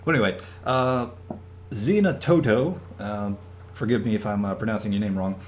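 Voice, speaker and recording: A man hosting a casual panel chat over a video call, hesitant and full of pauses. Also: lowish voice, a little hiss or hum. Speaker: podcast host.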